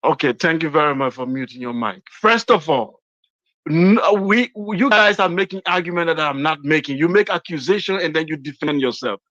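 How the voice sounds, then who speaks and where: A man calmly making his case in an online debate, answering point by point. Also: on the high side, normal speed, no room sound. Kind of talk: debate argument. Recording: dull dry call audio.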